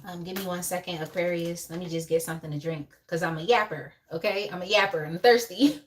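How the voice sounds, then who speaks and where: A woman's voice: lowish voice, fairly even intonation, brisk, a little hiss or hum. A young woman hosting a casual live tarot reading, chatty and laughing often as she talks to viewers in the chat by name. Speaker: tarot reader on a live stream.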